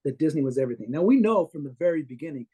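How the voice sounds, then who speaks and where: Racing through long, rambling stories punctuated by restarts and small chuckles, a guest artist chats casually with his interviewer. He has a high-leaning, warm, husky voice with lively intonation.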